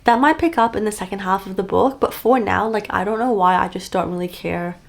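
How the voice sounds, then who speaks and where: A woman's voice: mid-range voice, a little fast, creaky. Chatty young woman vlogging about a book. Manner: chatty, upbeat, lots of fillers. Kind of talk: casual reading vlog chat. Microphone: camera-mounted shotgun mic.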